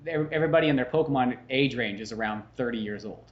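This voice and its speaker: This young adult podcast host speaks quickly in a mid-range voice, and the sound is lo-fi. His casual chat wanders, full of free swearing and the occasional mocking voice.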